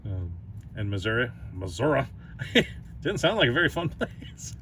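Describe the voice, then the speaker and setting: A man chats through his own toy review at an unhurried pace. His pitch swings up and down, and he breaks into giggles while he stumbles and restarts his sentences. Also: huge pitch swings, bright, forceful tone, a little hiss or hum. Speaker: toy reviewer, channel host.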